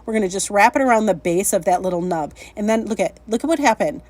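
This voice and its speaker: Talking fairly quickly with few pauses, this craft channel host has a mid-range, slightly mellow voice and no room sound. She's upbeat and self-deprecating in her casual tutorial vlog, laughing frequently at her mistakes.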